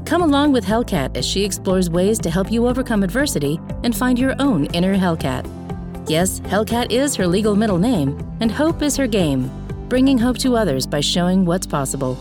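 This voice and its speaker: A woman reads a scripted show intro in an upbeat, promotional way. Her pitch swings lively up and down, with clear music playing underneath. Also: normal speed. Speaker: show announcer. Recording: intro read over music.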